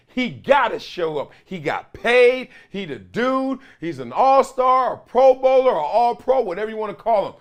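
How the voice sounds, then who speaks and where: A middle-aged man hosting his own show, telling stories in a lively commentary monologue and acting out quotes of other people. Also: high voice, moderate pace. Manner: storytelling with acted-out quotes of teammates. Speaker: show host.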